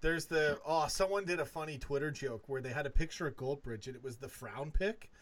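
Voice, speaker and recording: A man co-hosting a casual live-stream chat over a call, excitable and tripping over his words with restarts. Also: fairly high pitch, fairly quick, a little hiss or hum. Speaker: co-host. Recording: Skype call audio.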